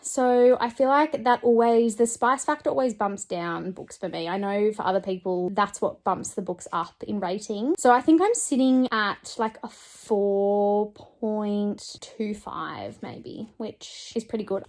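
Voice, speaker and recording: A woman chatting casually in a book vlog, emotional and animated as she reacts to her reading. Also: medium pitch, a little slow, hardly any pauses. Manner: chatty, emotional, reads passages aloud. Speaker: book vlogger.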